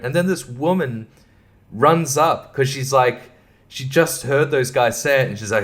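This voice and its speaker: A man's voice: medium pitch, normal speed, a bit bright. A man hosting a podcast alone, rambling in a sarcastic, profane way and chuckling to himself. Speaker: podcast host. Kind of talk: casual podcast monologue.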